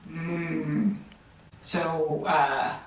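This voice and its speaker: A woman's voice: low voice, steady tone, drawn-out words. A middle-aged woman guest chatting casually and enthusiastically, laughing often and trailing off mid-sentence. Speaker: podcast guest. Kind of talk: casual chat. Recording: echoey, distant from the mic.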